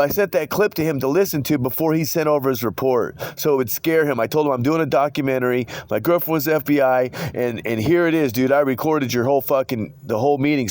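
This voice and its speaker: A man's voice: medium pitch, darkish tone, dry recording. A man telling a long, rambling court story, cursing and quoting others in his own voice. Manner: rambling, profane, retells quotes in his own voice. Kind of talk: casual phone-style conversation.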